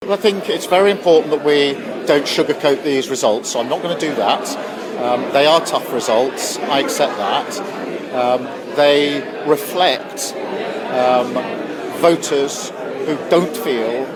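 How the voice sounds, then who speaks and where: A politician giving a measured, hesitant statement to the press, with frequent ums. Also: male voice, on the high side, a loud crowd.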